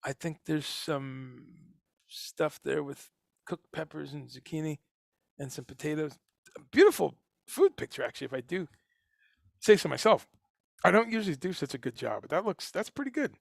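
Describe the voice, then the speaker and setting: A man's voice: on the high side, lively intonation, moderate pace, creaky, pauses often, no room sound, studio quality. A man hosting a casual livestream, talking about food in a rambling, enthusiastic way with many fillers and restarts. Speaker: livestream host.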